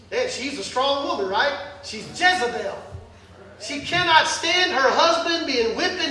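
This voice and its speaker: Man, pastor, animated joking sermon, very high voice, echoey church hall. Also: unhurried. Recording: echoey hall, distant mic.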